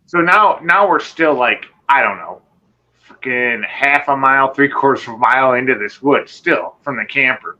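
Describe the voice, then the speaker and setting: A man telling a personal encounter story in casual conversation, rambling and animated, swearing and acting out what people said. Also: mid-range voice, normal speed, dull audio. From Michigan. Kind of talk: casual storytelling on a live show.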